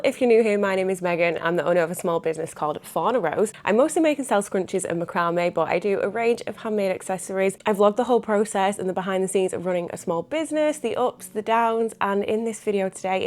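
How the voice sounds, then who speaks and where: A woman chatting excitedly to camera in a casual vlog, often laughing and gasping as she talks. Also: mid-range voice. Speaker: small business owner and vlogger.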